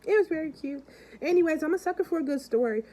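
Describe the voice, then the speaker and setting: A woman vlogger with a high, mellow voice talks fast and animatedly in a rough recording. She's chatty, tells stories while acting out the people involved, and keeps calling out to her viewers.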